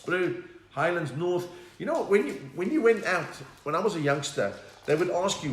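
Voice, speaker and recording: A man's voice: sits high, sing-song, moderate pace, roomy sound. A South African man, a comedian, chatting casually from his home lounge, reading viewer comments and telling jokes. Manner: chatty, reads viewer comments aloud, slips into put-on voices for jokes. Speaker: comedian hosting a livestream. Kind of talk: casual live-stream chat and stand-up storytelling.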